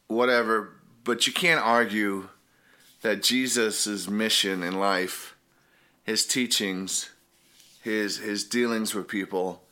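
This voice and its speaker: A man's voice: lowish voice, bright, forceful tone. A man giving an informal Bible teaching, earnest and rambling, often restarting his sentences. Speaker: preacher.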